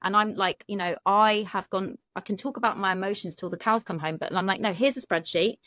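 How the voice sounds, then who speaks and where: A woman's voice: mid-range voice, brisk, a bit bright, no echo, studio quality. A British woman, a relationship coach, talking frankly on a podcast and swearing casually. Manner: frank, chatty, swears casually, many fillers. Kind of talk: candid podcast conversation.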